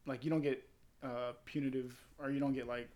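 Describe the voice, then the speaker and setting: A man telling crude stories in casual chat, animated and swearing a lot. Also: mid-range voice, brisk. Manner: crude, animated storytelling with acted quotes.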